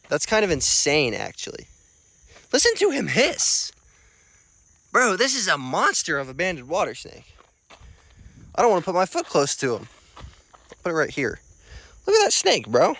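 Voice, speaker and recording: A young man vlogging on a rural road at night, chatty, excitable and self-mocking, with slang. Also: medium pitch. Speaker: field herper vlogger. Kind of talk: casual vlog narration on the road.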